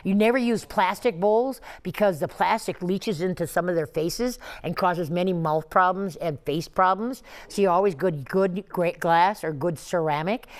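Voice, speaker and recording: A woman's voice: on the low side, moderate pace, hardly any pauses. A woman dog trainer giving casual advice on a talk show, chatty and laughing, often acting out scenes with her dogs.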